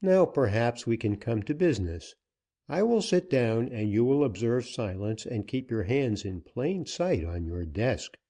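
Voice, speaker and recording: A man's voice: mid-range voice, big pitch swings, mellow. A man doing a grim, commanding western gunman. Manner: commanding, cold, deliberate. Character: grim, steely male gunman seeking vengeance.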